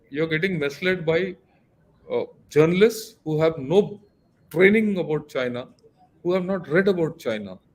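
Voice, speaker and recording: An older man, a retired general, giving analysis in a casual talk with a lecturing, emphatic manner and many fillers. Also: fairly high pitch. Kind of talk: casual discussion.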